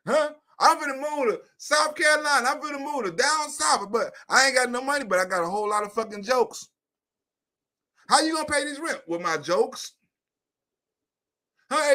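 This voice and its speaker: A high-pitched man with a bright, sharp edge to his voice holds forth in a loose livestream monologue. He is profane and animated, repeating himself as he builds each point. His laughs break up the rant. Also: moderate pace, long pauses. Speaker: comedian and YouTube host.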